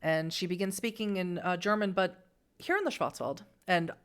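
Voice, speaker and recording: A woman's voice: on the low side, moderate pace. A woman narrating as game master of a tabletop game, chatty, with many fillers.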